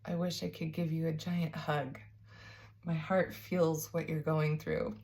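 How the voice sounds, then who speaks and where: A woman giving a spiritual tarot reading, talking softly and warmly to the listener, calling them babes and sounding emotional and teary. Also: low voice, level tone, unhurried, vocal fry. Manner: soft, nurturing, calls listener babes. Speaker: tarot reader.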